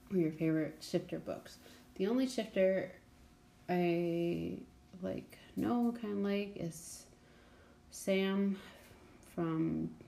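A young woman talks through a book in a loose, chatty way, blunt and peppered with "like" and "um". Her voice is mellow and a touch low for a woman. A faint hiss of noise sits under her recording. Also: gravelly. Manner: chatty, blunt, many fillers and "like"s. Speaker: book podcast host. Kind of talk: casual book review chat.

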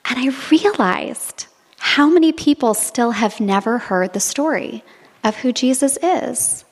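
Woman preacher, reflective storytelling sermon, fairly high voice, long reverb. Good for a church homily read. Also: expressive, measured pace. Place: monastery.

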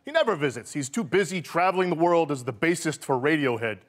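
A man, a cameraman on a talk show, doing a comedy bit in a deadpan yet eager way while giving bossy instructions. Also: on the high side, fast talker. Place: TV studio stage. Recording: live studio audience behind.

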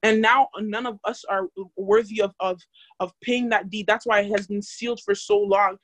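A woman's voice: mid-range voice, fairly even intonation, moderate pace, fairly bright tone. A young woman casually teaching a Bible study, chatty and full of fillers, asking the group questions.

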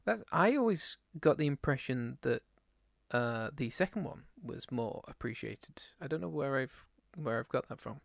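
A man's voice: medium pitch, expressive, normal speed, vocal fry, no echo, studio quality. A man co-hosting a casual podcast, rambling and self-deprecating, with lots of fillers. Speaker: podcast co-host. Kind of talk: casual chat.

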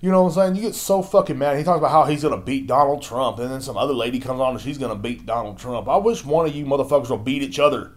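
A man's voice: mid-range voice, fast, hardly any pauses. A young man hosting a podcast at home, ranting in a crude, exasperated way and swearing constantly. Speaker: podcast host. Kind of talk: profane ranting monologue. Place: at home, drinking beer.

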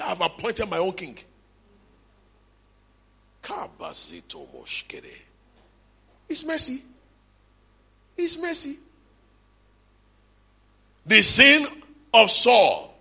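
A middle-aged man with a Nigerian accent preaching a lively sermon at a church conference, shouting at times and slipping into Yoruba asides. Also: high voice, slow, vocal fry, pauses often, husky.

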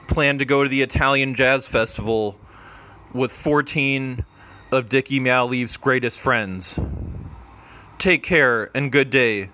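A man's voice: medium pitch, bright, forceful tone, slight background noise. A man casually narrating a comedy story in an offhand, rambling way, correcting himself as he goes.

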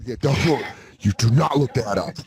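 A man's voice: mid-range voice, animated, moderate pace, over a noisy crowd. A man co-hosting a podcast, telling laid-back childhood stories in casual chat. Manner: laid-back storytelling, says "dude" often. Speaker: podcast co-host.

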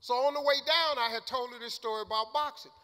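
An older man giving a motivational speech and telling stories, colloquial and emphatic, sometimes shouting. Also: extremely high pitch, quick pace. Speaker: motivational speaker. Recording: long hall reverb.

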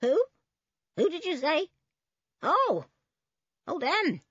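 A woman voicing a frightened, screaming old woman who lives alone, shrill and panicky. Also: wildly swooping pitch, slow pace, a bit bright, dry recording, full character voice. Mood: scared. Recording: dull, dry recording.

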